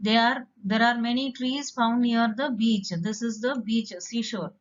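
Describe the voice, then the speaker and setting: A woman's voice: on the high side, steady tone, measured pace. A woman teaching an English vocabulary lesson, explaining patiently with occasional fillers. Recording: dull lo-fi recording.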